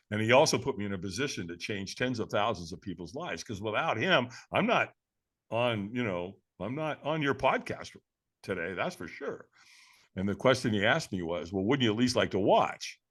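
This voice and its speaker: A man guesting on a podcast, telling a personal story in a lively, dramatic way and laughing as he goes, with a casual manner. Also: lowish voice, moderate pace, slightly rough. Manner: casual, addresses the host as man and brother.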